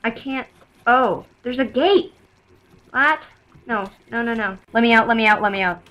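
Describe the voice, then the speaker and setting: A young woman giving excitable game commentary, laughing often and shrieking when things go wrong, with music behind her. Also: on the high side, normal speed, rough recording. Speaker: gaming video host.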